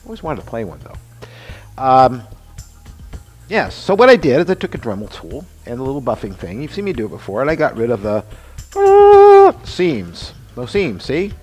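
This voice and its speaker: Faint music plays behind a man in his sixties whose medium-pitched voice swings widely, moves a little fast, and carries a breathy edge. As host of a casual workshop demonstration, this mask maker and special-effects artist chats about his mask and costume work, wandering through fillers and asides.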